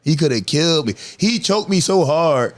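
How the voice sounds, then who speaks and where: Comic guy spinning wild stories, pitch jumping all over, laughs a lot, kinda high voice. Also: moderate pace. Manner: animated storytelling, laughing, profane slang. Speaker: comedian guest. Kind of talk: casual podcast chat.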